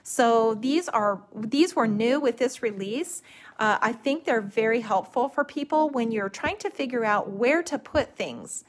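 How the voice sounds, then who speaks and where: In a live craft demonstration, a middle-aged woman explains watercolor stamping in a fairly high voice at a measured pace. Her teaching is relaxed and gentle, marked by repeated sentence restarts.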